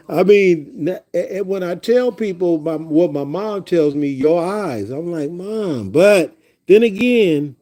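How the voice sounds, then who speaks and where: A man hosting a livestream tells stories casually to his viewers, rambling, repeating words, and addressing the audience directly. His voice sits high and sounds warm, and his pace is measured.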